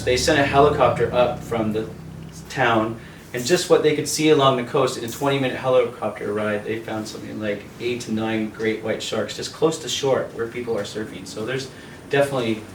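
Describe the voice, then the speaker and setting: A man's voice: mid-range voice, reverberant, recorded from a distance, slight background noise, poor audio. A man from Canada, a yoga teacher hosting a video call, telling a casual story with laughter and acted-out voices. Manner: animated storyteller acting out voices, laughing often.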